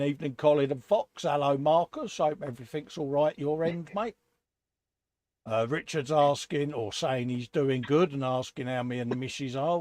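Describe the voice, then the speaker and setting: With a mid-range, slightly mellow voice, a British man hosts a laid-back live stream, greeting viewers individually and calling everyone mate. The recording is dry.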